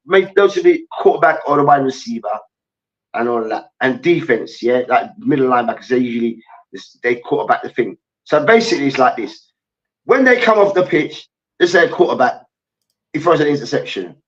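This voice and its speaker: A man hosting a heated sports debate, loud and full of swearing, acting out players and coaches as he rants. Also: a little high. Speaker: host. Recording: distant, dull lo-fi mic.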